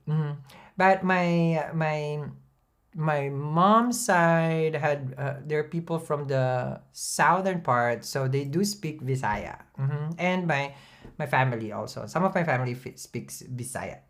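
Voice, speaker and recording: A middle-aged woman, hosting an astrology livestream in a chatty, casual way, reading viewer comments and laughing often. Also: low-pitched.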